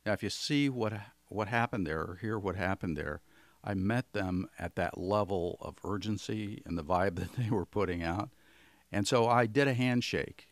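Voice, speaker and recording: A man's voice: fairly low pitch, moderate pace, no echo. A man who works as a communication trainer, giving an instructional talk in a folksy, conversational way with homely examples.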